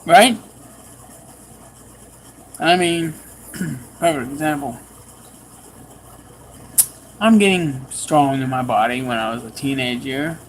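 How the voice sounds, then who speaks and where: A man preaching a sermon, telling a personal story with animated swings in pitch and pace. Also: takes it slowly, pauses often, slight background noise, poor audio.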